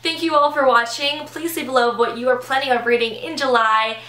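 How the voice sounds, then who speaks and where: A woman's voice: high-pitched, fairly even intonation, brisk, sharp tone, reverberant. A young woman book vlogger chatting to camera, eager and chatty, with a voice that is giving out. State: losing her voice. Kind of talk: casual chat to camera.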